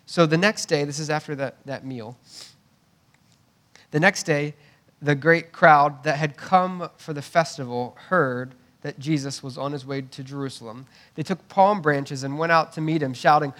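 A pastor delivers a conversational sermon in a slightly high, fairly bright male voice at a moderate pace. He often repeats words as he restarts, adds asides, and checks in with tag questions like "right?"

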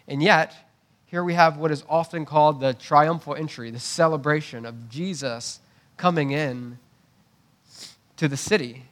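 A man's voice: mid-range voice, fairly bright tone. A man preaching a conversational sermon, often repeating words as he restarts and checking in with "right?". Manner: conversational preaching with asides and tag questions. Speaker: pastor.

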